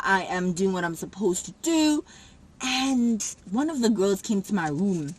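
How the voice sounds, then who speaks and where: A young woman tells a story to camera in a loose, chatty way. Her pitch sits in the middle range. She acts out quotes with sudden loud jumps. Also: poor audio. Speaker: vlogger. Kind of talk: casual storytelling.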